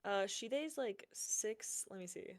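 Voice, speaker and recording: A woman playing a tabletop game, lively and excitable, often laughing. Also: mid-range voice, slow pace. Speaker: player. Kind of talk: casual tabletop play.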